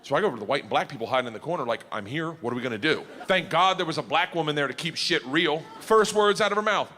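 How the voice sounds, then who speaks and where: A middle-aged man doing a brash, profane stand-up routine, bursting into excited yelling. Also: fairly high pitch, very fast. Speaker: stand-up comedian. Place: comedy stage. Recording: live stand-up in a reverberant hall.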